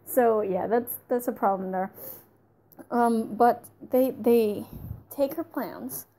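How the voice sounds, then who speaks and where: A woman reviewing a TV episode in a casual, talky way, frank and enthusiastic, with laughs slipping in now and then. Her voice sits a little high and has a soft, mellow tone rather than a bright one. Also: slow. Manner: chatty, frank and enthusiastic, often breaking into laughs.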